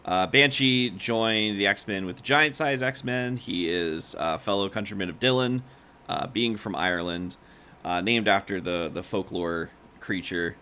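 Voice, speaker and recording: Man, podcast co-host, lowish voice, bright tone, casual, swears freely. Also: unhurried, slight background noise. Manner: chatty, swears freely, leads the discussion. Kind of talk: casual comic-book ranking chat.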